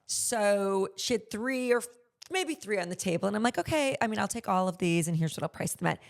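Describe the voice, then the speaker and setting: Candid gravelly woman telling stories. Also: medium pitch, a little fast. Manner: candid, animated storyteller who acts out quoted voices. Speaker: podcast guest, luxury consignment store owner. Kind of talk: conversational interview storytelling.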